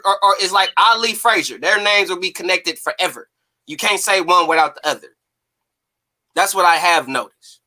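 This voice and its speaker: Bright animated man hosting boxing talk. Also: sits high. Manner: animated, slangy, emphatic. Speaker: host. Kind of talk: casual boxing talk show.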